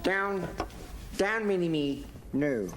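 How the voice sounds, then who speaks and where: An actor playing a pompous, scheming male supervillain who speaks deadpan with theatrical pauses. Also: high voice, background noise, full character voice. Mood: smug. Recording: film audio with reverb and music.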